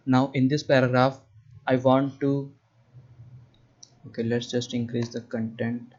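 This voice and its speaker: Male coding instructor with an Indian English accent, level mid-pitched delivery, patient and repetitive, slightly muffled recording. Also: little pitch movement, a little slow, pauses often, darkish tone. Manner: patient, repetitive, checks in with "right?". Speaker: web development instructor. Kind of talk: screen-share coding lesson.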